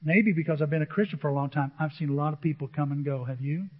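A man's voice: a little high, fast. A male pastor preaching a sermon with emphasis, often firing questions at the congregation. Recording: dull echoey church recording.

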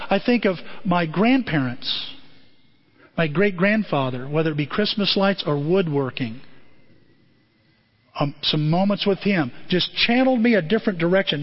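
A man giving a lively motivational talk to a group, calling on listeners by name. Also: a little high, dull audio. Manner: animated, addresses listeners by name.

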